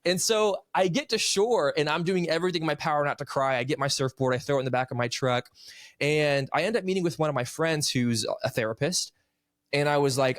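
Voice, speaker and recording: A man's voice: fairly high pitch, fast talker, a bit bright, no echo, clean studio sound. A man in his thirties, a podcast guest and author, earnestly telling a personal story in casual conversation. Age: 30s.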